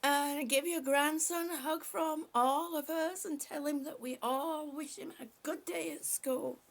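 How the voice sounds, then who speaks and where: A woman hosting a casual live stream, greeting viewers by name, short of breath and breathy, often dropping to a whisper. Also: high-pitched, fairly even intonation, measured pace, few pauses. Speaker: livestream host.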